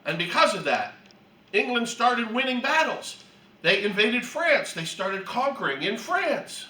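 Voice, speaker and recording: Male Bible teacher, high bright voice, unhurried, heard from a distance in an echoey room. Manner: lively storytelling with clearing of the throat. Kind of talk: animated Bible class teaching. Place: room for a church class.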